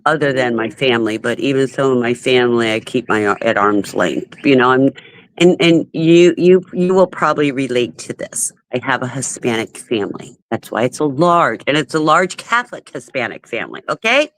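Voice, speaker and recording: A woman's voice: rumbling low, expressive, normal speed, no room sound. A woman in her fifties hosting a live stream, chatting casually and laughing often. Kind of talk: casual chat.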